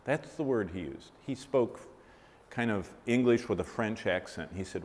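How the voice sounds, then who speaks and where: A man's voice: lowish voice, lively intonation, normal speed, darkish tone, slight background noise. A man preaching a sermon, telling a story vividly and asking his listeners questions. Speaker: Bible teacher. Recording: reverberant hall.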